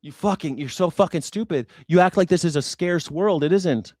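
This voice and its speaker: A man with a somewhat high, slightly mellow voice hosts a news reaction stream, talking at a normal pace. He rants sarcastically and swears while arguing with his chat, delivering heated political commentary. The studio recording is clean with no room sound.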